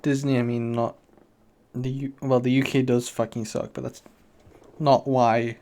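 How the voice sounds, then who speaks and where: A man's voice: mid-range voice, level tone, a little slow, mellow. A young British man hosting a solo podcast, rambling casually with lots of swearing and self-mockery. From Britain. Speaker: podcast host.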